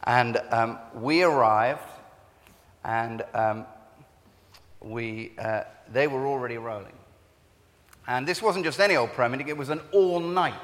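A man preaching a sermon, conversational and halting, telling stories with animated bursts. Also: mid-range voice, long reverb tail. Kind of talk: sermon with storytelling.

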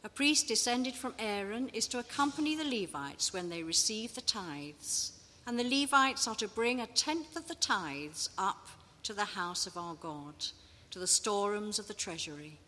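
A woman reading scripture aloud in measured, deliberate phrases. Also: medium pitch, animated, bright, forceful tone, big-room sound, slight background noise. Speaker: scripture reader.

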